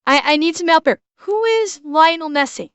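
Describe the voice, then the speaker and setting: A woman's voice: high-pitched, expressive, normal speed, no room sound. A woman streamer reacting to a video, ranting bluntly with heavy swearing.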